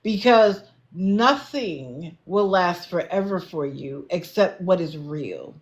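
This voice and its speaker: A woman's voice: fairly low pitch, big pitch swings, slow pace. Blunt, lecturing woman on a livestream. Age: adult, not young. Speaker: livestream commentator. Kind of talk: casual livestream commentary.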